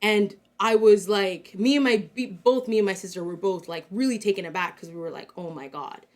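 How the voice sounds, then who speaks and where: A woman's voice: mid-range voice, fairly even intonation, fairly quick. A young woman from Canada co-hosting a casual talk show, telling a story in a chatty way with lots of fillers and acted-out quotes. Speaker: co-host.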